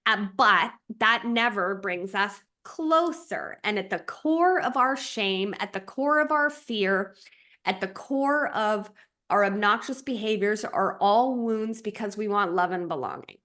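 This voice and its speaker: A woman's voice: mid-range voice, lively intonation, measured pace, sharp tone. A woman who works as a relationship coach, speaking in a conversational podcast style and explaining ideas reflectively through everyday examples and checklists.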